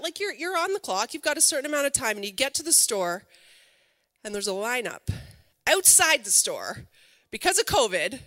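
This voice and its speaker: Lively woman preacher, bright voice. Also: fairly high pitch, in a large hall. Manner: conversational and lively, with rhetorical questions to the viewers. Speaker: pastor. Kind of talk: online sermon.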